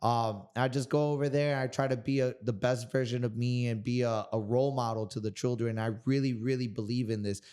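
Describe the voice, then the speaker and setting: A man in his thirties from Miami, talking as a guest in a casual interview. His voice is smooth and resonant, and he tells stories in an animated, swearing way at a middle pitch. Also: brisk, hardly any pauses. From Miami, Florida. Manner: animated, profane storyteller. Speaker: guest kickboxer.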